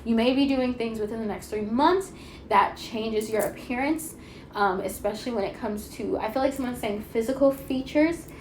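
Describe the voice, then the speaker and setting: A woman giving a pick-a-card tarot reading, chatty and excitable, talking fast with lots of fillers and a slightly stuffy nose. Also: on the high side, slight background noise. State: a little stuffy-nosed. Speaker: tarot reader.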